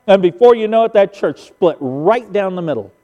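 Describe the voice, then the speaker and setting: Folksy older preacher in a reverberant hall. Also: male voice, high-pitched, animated, normal speed, mellow. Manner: folksy storytelling, emphatic sound effects. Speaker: pastor. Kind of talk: sermon. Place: church sanctuary.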